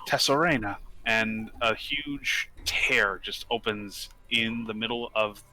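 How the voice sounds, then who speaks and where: A man playing a tabletop game, describing his character's actions in a brisk, matter-of-fact way. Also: on the low side, sharp tone. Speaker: player. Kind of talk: casual tabletop play.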